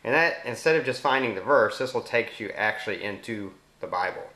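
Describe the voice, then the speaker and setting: A fairly low-voiced man with a Southern US accent walks through a phone app in a relaxed, explanatory way. He pauses to say voice commands slowly and deliberately. The recording has a roomy echo. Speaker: app demonstrator. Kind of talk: casual screen demo narration.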